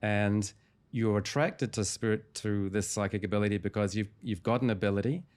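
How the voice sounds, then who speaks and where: A man, a hypnotherapist guest in an interview, calmly retelling a client's session in a measured storytelling way. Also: on the low side.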